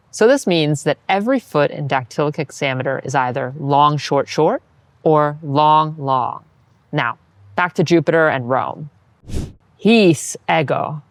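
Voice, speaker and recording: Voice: medium pitch, dry recording. A patient Latin teacher giving scripted instructional narration, modeling each phrase and then encouraging the listener to repeat it.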